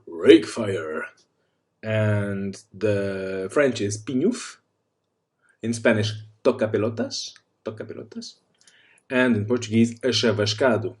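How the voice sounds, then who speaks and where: Male language tutor, low voice, wry deadpan teaching tone. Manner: wry, deadpan delivery of insults with translations. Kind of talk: casual spoken lesson.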